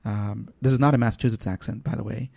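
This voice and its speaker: A man who once taught public speaking, answering as a radio interview guest in a thoughtful, explanatory way with measured pauses. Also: lowish voice, fairly even intonation, creaky, a little mellow, no echo. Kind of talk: reflective radio interview talk.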